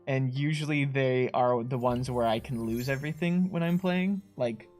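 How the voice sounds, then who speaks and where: A man's voice: medium pitch, moderate pace, soft background music. A man co-hosting a game studio livestream, chatting casually, laughing often and reading out viewer chat. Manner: chatty, laughs often, animated when mimicking players. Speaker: streamer co-host reading chat.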